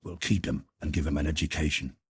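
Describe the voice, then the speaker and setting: A decisive man in charge in a storybook, firm and plain, as a male narrator puts him on. The voice is deep, husky and dry. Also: flat delivery, quick pace, dry recording, full character voice.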